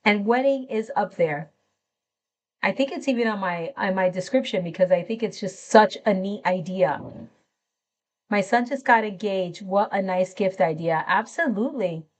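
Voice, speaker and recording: A woman's voice: medium pitch, moderate pace. A middle-aged woman hosting a live craft tutorial, chatting enthusiastically and greeting viewers by name as she works.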